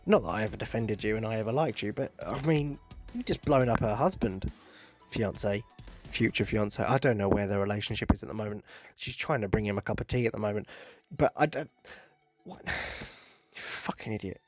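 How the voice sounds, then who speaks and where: A young man hosting a podcast, rambling in a casual monologue, excitable and sweary with self-mocking jokes. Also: on the low side, fairly quick, faint music behind. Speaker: podcast host.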